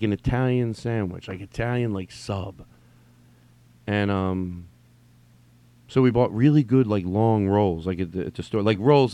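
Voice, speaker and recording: A man's voice: fairly low pitch, a little mellow, no echo. Man, solo podcast host, rambling, swears a lot, trails off and restarts, recorded at home, dry close sound. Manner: rambling, profane, restarts sentences often. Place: at home during quarantine.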